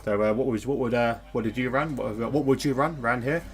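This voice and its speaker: A man co-commentates an online sim race at a brisk pace, casual and talkative. He banters about the chat and car setups, and his pitch stays in the middle except when he calls a crash. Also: soft background music. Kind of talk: live esports race commentary.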